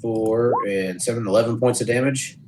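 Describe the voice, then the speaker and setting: A man playing a tabletop game, declaring attacks and slowly adding up his damage. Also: medium pitch, steady tone, heavy background noise. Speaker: player.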